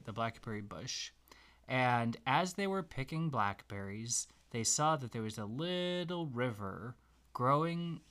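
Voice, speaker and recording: A man gently making up a bedtime story for his child, pausing as he thinks of what comes next. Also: mid-range voice. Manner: gentle, unhurried, makes the tale up as he goes. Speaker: parent telling a story.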